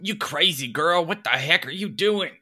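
A man's voice: a little high, lively intonation, moderate pace, sharp tone, pitched above the performer's own voice, full character voice. A man voicing a blustering, folksy male poacher with a drawl. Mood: indignant.

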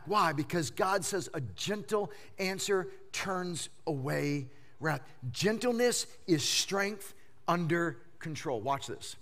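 A male pastor preaching a sermon, swinging between loud emphatic bursts and hushed lines, often repeating phrases for effect. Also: sits high, expressive, a little slow.

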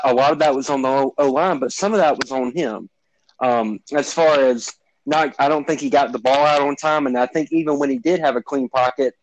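A man co-hosting a sports podcast, making his points in a measured, hedging way with many fillers. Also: medium pitch, low-quality recording. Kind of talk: sports debate.

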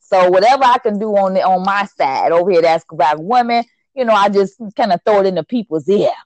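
A woman's voice: medium pitch, animated, brisk, a little mellow, no room sound. Woman hosting a podcast, easygoing and chatty, lots of ums, dead dry mic. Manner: loose, upbeat, lots of ums and repeats. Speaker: podcast host. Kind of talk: casual chat.

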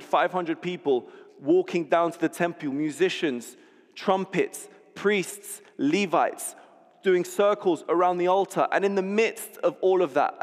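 A man preaching a sermon, telling a scene vividly and often restarting words as he goes. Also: high-pitched. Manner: vivid storytelling, repeats words when restarting. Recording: long hall reverb.

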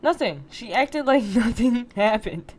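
A woman's voice: a little high, measured pace, breathy edge. A young adult woman co-hosting a podcast, chatting casually with lots of slang and acting out conversations as she tells a story. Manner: slangy and animated, acting out quoted exchanges. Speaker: podcast co-host. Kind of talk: casual chat.

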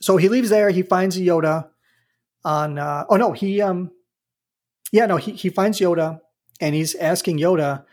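Husky-voiced man in casual chat. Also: high-pitched, unhurried, long pauses, darkish tone. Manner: rambling, amused retelling with restarts.

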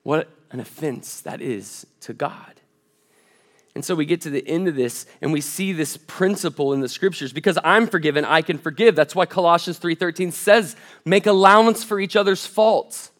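A man with a slightly higher voice preaches a church sermon. He reads quotations and scripture aloud and swells into loud, fervent stretches. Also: normal speed. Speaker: college pastor.

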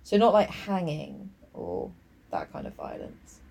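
A woman's voice: low voice, huge pitch swings, unhurried, dark tone, slightly rough. A woman co-hosting a podcast, talking casually, swearing and laughing a lot. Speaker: podcast co-host. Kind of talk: casual chat.

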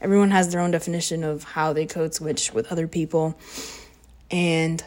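A woman's voice: low voice, level tone, normal speed, a little mellow. A teenage girl talks straight to the camera, rambling from thought to thought with plenty of "like" and "uh". Her sarcasm slips in constantly as she overshares in a loose confessional way. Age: teens. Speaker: high school student vlogger. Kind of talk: casual confessional vlog. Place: home living room.

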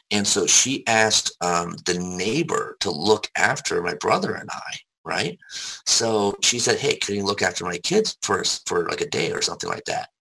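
A man telling his life story in casual conversation, candid and rambling, swearing freely, with a gravelly, husky voice. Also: low-pitched, sharp tone, poor audio.

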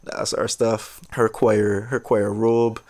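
A man's voice: fairly low pitch, level tone, slow, a little mellow. A young man casually telling a personal story, rambling and drifting into side tangents. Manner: rambling, digressive, laid-back.

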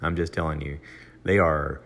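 An older American man with a very deep voice hosts a casual solo podcast, drifting between topics with frequent "uh"s and "you know"s and restarting his sentences. His tone is steady and fairly bright, his speed is normal, and his pitch leaps up whenever he quotes someone.

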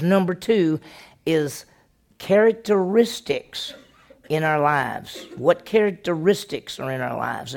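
Gravelly-voiced pastor teaching a church lesson. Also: male voice, fairly high pitch. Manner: asks the congregation questions and answers them himself; folksy, tells personal stories. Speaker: senior pastor.

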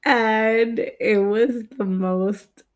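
A woman telling a personal story in a candid, halting and blunt way, swearing freely. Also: a little high, fairly even intonation.

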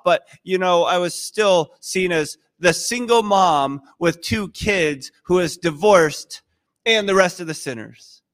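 High-voiced male pastor preaching. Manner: conversational, animated storytelling. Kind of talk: sermon.

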